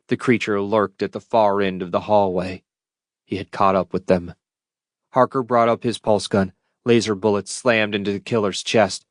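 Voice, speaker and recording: A man with a lowish voice narrates an audiobook at a steady, measured pace. The recording is dry and close, with no room sound. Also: no room sound. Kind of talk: scripted narration.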